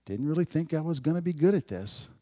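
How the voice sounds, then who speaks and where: A male pastor delivering a sermon conversationally, with dry sarcasm, swinging between loud emphatic points and hushed asides. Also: on the high side, lively intonation, quick pace.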